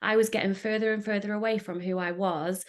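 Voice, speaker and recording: A woman's voice: medium pitch, steady tone, fairly quick. Earnest woman telling a personal story. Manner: emotional, earnest, with restarts. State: getting emotional. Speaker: podcast host.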